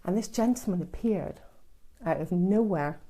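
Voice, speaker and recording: This psychic medium's voice is lowish and dark, with lively intonation and a moderate pace. Chatting casually during live-stream readings, she soothes her listeners and calls them sweetheart and darling.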